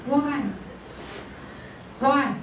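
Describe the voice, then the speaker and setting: A woman's voice: high-pitched, steady tone, noisy background. Woman teaching in an echoey classroom. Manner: explains slowly, checks understanding with repeated questions. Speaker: English teacher. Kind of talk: classroom lesson. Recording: echoey room, voice from far off.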